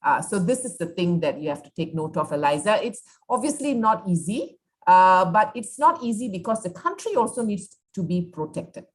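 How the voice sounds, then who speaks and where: A woman's voice: on the low side, sing-song, normal speed, hardly any pauses. A woman law lecturer answering questions in an online seminar, explaining at length and asking rhetorical check questions. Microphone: video call.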